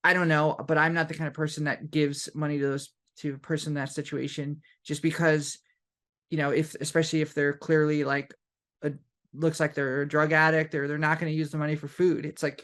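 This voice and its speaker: A man's voice: on the high side, flat delivery, fairly quick, a bit bright. A man co-hosting a podcast in casual chat, rambling with frequent "like" and "you know". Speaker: podcast co-host.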